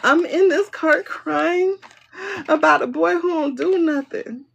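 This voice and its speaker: A woman mimicking a young woman crying in her car over a boy, in a weepy, drawn-out voice. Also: sits high, creaky, a bit bright, dull audio, pitched above the performer's own voice, heavily acted. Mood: tearful. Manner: weepy, then suddenly snapping out of it.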